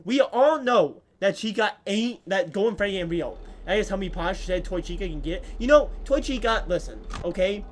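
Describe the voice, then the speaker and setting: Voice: mid-range voice, expressive, moderate pace, few pauses. A streamer giving playful, jokey gameplay commentary while talking to viewers. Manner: playful, jokey, talks to chat.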